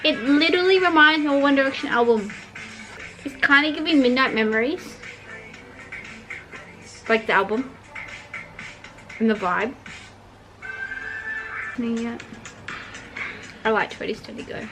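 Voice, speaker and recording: A woman's voice: sits high, expressive, normal speed, pauses often, low-quality recording. A young woman chatting casually and emotionally as she reacts to an album, gushing about the songs. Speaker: vlogger reacting to music. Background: pop music playing.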